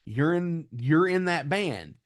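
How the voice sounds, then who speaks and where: A man hosting a podcast interview, chatting in a relaxed, agreeable way. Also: on the high side, slow pace. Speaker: podcast host. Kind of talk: casual interview chat.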